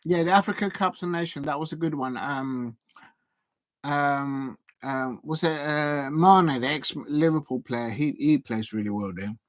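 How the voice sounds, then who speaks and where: A man's voice: a little high, unhurried, dry recording, studio quality. A man hosting a fan watch-along of a football match, chatting and cheering at the action. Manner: excitable, cheers and pleads at the action, chatty asides. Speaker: football fan channel host.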